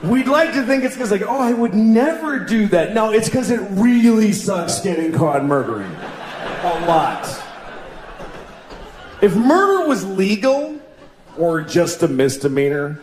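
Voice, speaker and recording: A man tells a story with a wry, fed-up edge, and his pitch climbs and drops all over. He bursts into loud outbursts now and then. Clear background noise sits under the voice. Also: big pitch swings, a little slow, reverberant, crowd noise. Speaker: comedian. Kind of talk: stand-up and talk show chat.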